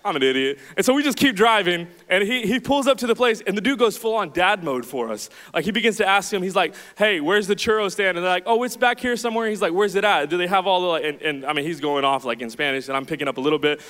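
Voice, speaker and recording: Young guy preaching, high voice, smooth, chatty storyteller, big echoey hall. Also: fast, few pauses. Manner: chatty, self-deprecating, animated storytelling. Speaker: pastor. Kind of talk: sermon with storytelling. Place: church hall with audience. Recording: reverberant hall.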